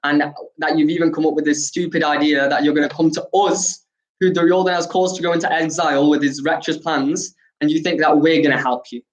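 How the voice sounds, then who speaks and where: A man's voice: a little high, little pitch movement, brisk, natural voice, poor audio. A man acting out an indignant, mocking warrior while retelling an epic story. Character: furious proud warrior man, scornful.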